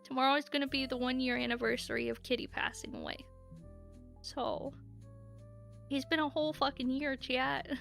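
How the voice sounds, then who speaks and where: A woman's voice: high voice, fairly even intonation, moderate pace, creaky, pauses often, fairly bright tone, faint music behind. A young woman streaming, chatting casually and candidly with her viewers and swearing freely. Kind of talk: casual live-stream chat.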